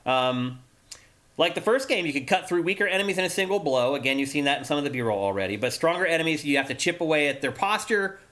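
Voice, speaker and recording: Bright-voiced man hosting a chat. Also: on the high side, lively intonation, fast. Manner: enthusiastic, explanatory, runs through game features. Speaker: podcast host. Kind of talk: casual chat.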